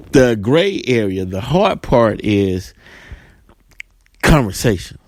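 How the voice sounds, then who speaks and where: A man's voice: on the low side, a little mellow, dry recording. A man hosting a talk radio show, rambling through his points and often tagging them with "right?". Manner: rambling, keeps asking "right?".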